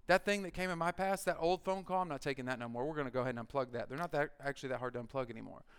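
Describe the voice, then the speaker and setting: Energetic preacher with a smooth voice. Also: male voice, medium pitch, rapid-fire. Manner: energetic and conversational, acting out voices, rising to shouts. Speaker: pastor. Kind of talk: sermon.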